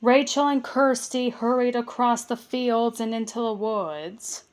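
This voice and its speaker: A woman reads a children's storybook aloud in a fairly high voice. Her pace is slow and deliberate, and she occasionally stumbles and restarts a word before carrying on. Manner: careful reading with small stumbles and restarts. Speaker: storybook reader. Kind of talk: reading a children's book aloud.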